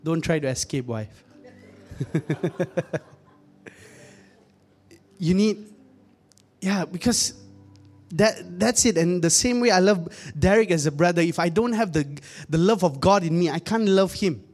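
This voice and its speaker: A man's voice: high-pitched, animated, moderate pace, a little mellow, soft background music. A young man preaching a conversational sermon, often calling out to the congregation and joking in asides. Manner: joking, laughs at his own asides.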